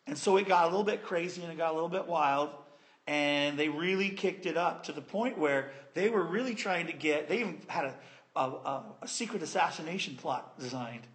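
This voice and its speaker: A man preaching a sermon in an animated, conversational and playful way. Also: on the high side, fairly quick.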